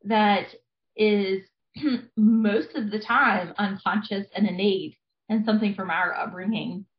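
A woman's voice: mid-range voice, slow pace. A woman in her thirties, a family therapist, explaining things earnestly in a conversational interview with frequent fillers. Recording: echoey, dull lo-fi sound.

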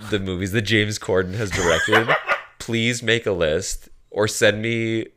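A man's voice: on the low side, steady tone, unhurried, heavy background noise. A man co-hosting a casual podcast, retelling a story with swearing and acted-out quotes. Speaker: podcast co-host.

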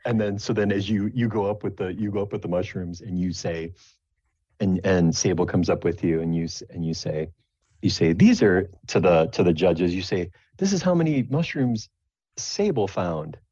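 Male game master, deep voice, loose rambling narration, dull lo-fi recording. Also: little pitch movement, normal speed, dark tone, breathy edge, dry recording. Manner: rambling, many restarts.

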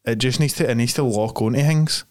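Young man, podcast co-host, fast talker, mid pitch, laughing banter. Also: a little mellow. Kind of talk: casual chat.

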